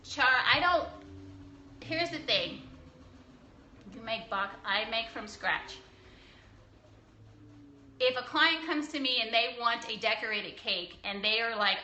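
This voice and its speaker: Blunt, bright-voiced woman baker streaming live. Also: a little high, lively intonation, slow pace, pauses often, a little hiss or hum. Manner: blunt and preachy, with laughs and mild swearing. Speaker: cake decorator hosting a live stream. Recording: echoey room.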